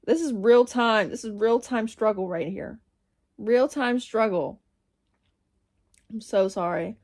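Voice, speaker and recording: A young woman talks to her camera in a loose, rambling way, cutting herself off and restarting her thoughts. Her voice sits a little high. Close phone or webcam sound, a casual reading vlog. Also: takes it slowly, a little mellow. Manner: rambling, self-interrupting, laughs at herself. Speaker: reading vlogger. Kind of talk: casual chatty monologue.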